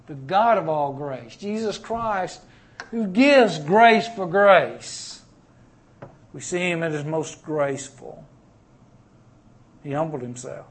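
A man preaching a sermon, dropping to hushed, low tones and then rising to loud, impassioned climaxes.

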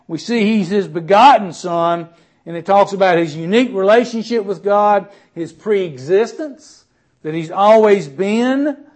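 High-voiced earnest male preacher. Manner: earnest, emphatic, swings between loud stresses and quiet drops. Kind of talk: sermon.

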